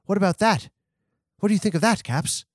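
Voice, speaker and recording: A man voicing a bossy male friend who lectures him, pushy and raised in pitch. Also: fairly quick, no echo, studio quality. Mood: lecturing.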